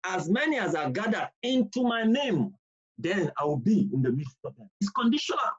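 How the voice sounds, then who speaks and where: Guy teaching bible study, husky voice, pitch jumps all over, kinda muffled lo-fi audio. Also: sing-song. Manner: emphatic, repeats key points, reads scripture slowly. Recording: dull lo-fi recording.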